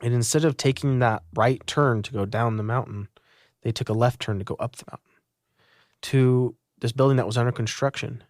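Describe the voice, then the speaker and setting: A man's voice: medium pitch, fairly even intonation, normal speed, no echo, studio quality. A young man from Utah earnestly recounting his own story in an interview. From Utah, United States. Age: young adult.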